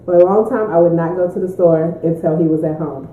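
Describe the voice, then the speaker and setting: Mom chatting, tinny echoey sound. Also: female voice, on the low side, fast talker. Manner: lively storyteller, laughs often. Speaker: mother answering Q&A. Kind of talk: casual chat, mukbang. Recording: tinny echoey room recording.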